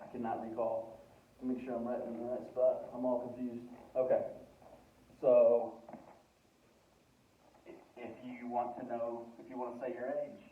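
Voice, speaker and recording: A man talking a class through Spanish verbs, loose and jokey, switching between English and Spanish. He's heard from far off in a roomy, echoing space, and the sound is thin and tinny like a phone line. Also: mid-range voice. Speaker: Spanish teacher. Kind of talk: recorded classroom lesson.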